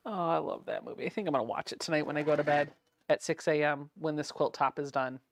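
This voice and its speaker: Giggly woman, livestream host, low voice, dry close sound. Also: vocal fry, dry recording. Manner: giggly, chatty, reads comments aloud. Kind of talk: chatty livestream while sewing. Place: home sewing room.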